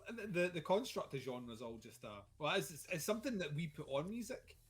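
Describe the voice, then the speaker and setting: A Scottish man in casual livestream chat, wandering through his thoughts with plenty of "um" and "like". His voice sits a little on the high side. He comes across as dry and self-mocking. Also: very animated, fairly quick, slightly rough. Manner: rambling, wry, lots of fillers. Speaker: podcast co-host.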